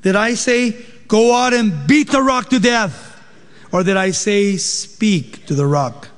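A man's voice: high-pitched, slow pace, in a large hall. A man voicing God as a patient male deity who questions and corrects, with conversational, pointed rhetorical questions. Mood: patient rebuke.

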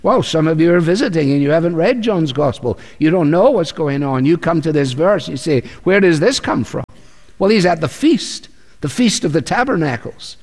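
A male pastor preaching a sermon, measured and earnest, dropping low for quoted words. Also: animated, a little mellow. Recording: reverberant hall.

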